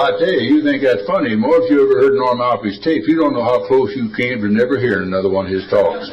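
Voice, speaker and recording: At a recovery meeting, an older man with a mid-range voice tells stories as a folksy, wisecracking drawler. He was recorded from a distance, and the audio is reverberant and muffled.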